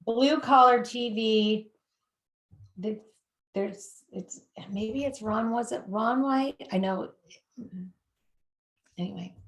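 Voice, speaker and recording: A woman hosting a podcast, in casual, lively talk that often trails off and restarts. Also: a little high, slow, long pauses. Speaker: podcast host. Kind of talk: casual conversational chat.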